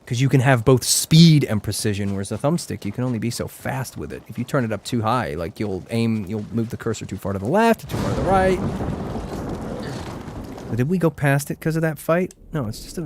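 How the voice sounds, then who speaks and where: A male streamer gives relaxed, rambling commentary as he plays, with "like" in nearly every sentence. His pitch moves around a lot, rising and falling as he reacts. There is a faint hiss of noise behind him. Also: fairly quick. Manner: chatty, rambling, heavy use of "like". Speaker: gaming streamer. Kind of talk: casual live gameplay commentary.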